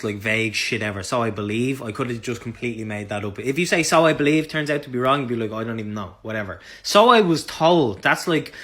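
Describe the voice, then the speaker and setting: A man's voice: medium pitch, a bit bright. A young man with a Dublin accent gives mock-serious advice in a satirical comedy monologue, swearing casually. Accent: Dublin Irish.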